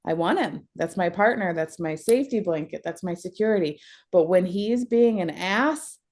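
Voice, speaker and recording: A woman's voice: lowish voice, lively intonation, moderate pace, darkish tone. A young adult woman talking candidly as a counseling client, emotional and blunt, often breaking into laughter.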